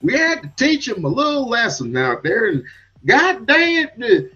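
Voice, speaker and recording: A man voicing a cranky old rural man who rambles in a high, shouty voice, with dull lo-fi sound. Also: wildly swooping pitch, moderate pace, breathy edge, full character voice. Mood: rambling. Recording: dull lo-fi sound with faint music.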